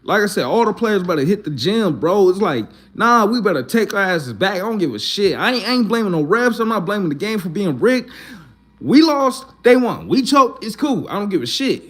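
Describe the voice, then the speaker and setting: A man's voice: high voice, very animated, a little fast, few pauses, fairly bright tone. A man talking in a casual, profane, repetitive rant, upset and fired up after his team lost. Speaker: Eagles fan. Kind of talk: casual venting monologue.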